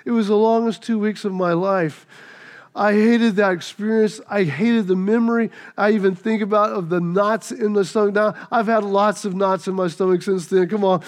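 A man preaching a sermon, telling a story with lively acted-out voices before he turns to his text. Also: sits high. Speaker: pastor.

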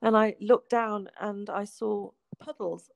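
A woman, a guest telling her life story in a heartfelt way, often falling to a soft hush. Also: mid-range voice, steady tone, slow, creaky, no room sound, highs cut off. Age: 40s. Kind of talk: emotional personal storytelling.

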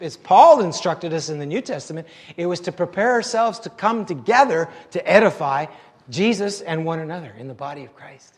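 High-voiced man preaching in a reverberant church. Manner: animated and conversational, with self-deprecating jokes. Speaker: pastor. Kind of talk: sermon.

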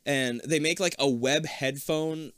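A man's voice: fairly high pitch, measured pace, a bit bright, smooth, dry recording, clean studio sound. A man in his thirties co-hosting a podcast in casual chat, rambling, swearing freely and laughing often. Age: 30s. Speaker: podcast co-host. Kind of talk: casual chat recapping a cartoon.

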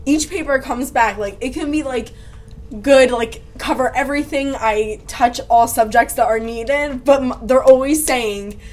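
A woman's voice: sits high, a little slow, a little mellow. Chatty young woman, slangy and laughing. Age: young adult. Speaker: podcast co-host. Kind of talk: casual chat.

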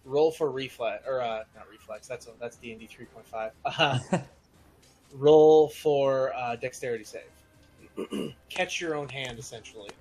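A man narrating as game master in a relaxed, chatty way, with frequent fillers. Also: medium pitch, a little slow, faint music behind, poor audio.

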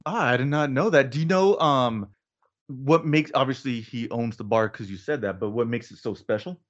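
A man hosting a casual podcast, relaxed and jokey, sometimes trailing off quietly. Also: mid-range voice, normal speed, highs cut off. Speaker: podcast host. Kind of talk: casual chat.

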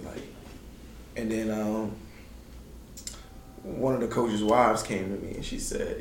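A man's voice: moderate pace, creaky, long pauses. Laid-back man spinning a hoops story in slang, acting out the quotes, in a roomy space with faint noise. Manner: animated, acts out quotes with big pitch jumps. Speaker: former college basketball player telling stories. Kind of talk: casual storytelling.

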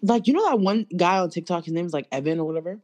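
A young woman in casual chat, slangy and blunt. Her voice sits fairly low but swings widely in pitch. She sounds animated and outspoken. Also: very fast. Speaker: co-host.

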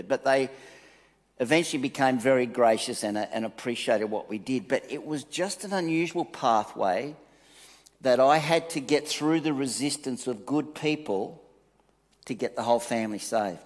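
A man giving a conversational sermon, reading scripture and telling stories with lively asides. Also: medium pitch, moderate pace. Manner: conversational, animated storytelling with asides. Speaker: preacher. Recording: long reverb of a hall.

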